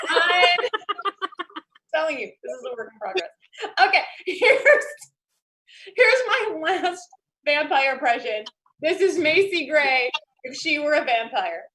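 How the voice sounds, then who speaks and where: A woman's voice: high voice, expressive, a little slow, pauses often, pushed and bright, slight background noise. A woman comedian doing a giggly, self-deprecating stand-up set over a video call.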